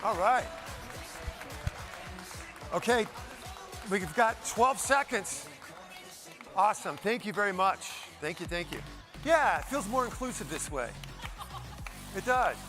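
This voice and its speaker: A man from Denver giving a high-energy keynote, playfully ordering the audience around with quick commands. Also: lively intonation, over music. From Denver, Colorado. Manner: upbeat, playful, bossing the crowd with quick commands. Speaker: keynote speaker. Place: conference hall stage.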